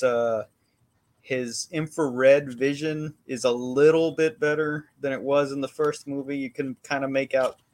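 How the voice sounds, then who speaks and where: A man co-hosting a podcast, giving a rambling, laid-back movie recap in casual chat. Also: mid-range voice. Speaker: podcast co-host.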